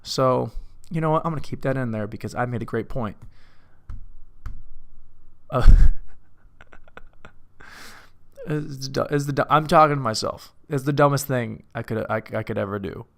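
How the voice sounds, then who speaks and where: A man's voice: medium pitch, moderate pace, creaky, a bit bright. A man alone in a room, casually reviewing a film, rambling, cursing and mocking himself. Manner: rambling, self-mocking, profane. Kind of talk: casual movie commentary.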